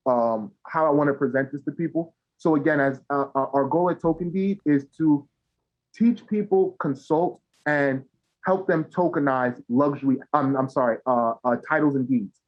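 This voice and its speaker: Halting man with a dull, lo-fi sound. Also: mid-range voice, fairly even intonation. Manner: halting, many repeated words and fillers. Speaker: guest. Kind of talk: casual podcast interview.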